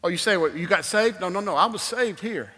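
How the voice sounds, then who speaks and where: Bright-voiced preacher in a reverberant church. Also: male voice, sits high, brisk, slightly rough. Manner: animated storytelling, swings from loud exclamations to hushed invitation. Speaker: guest preacher. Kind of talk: sermon with personal story. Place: church sanctuary. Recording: long hall reverb.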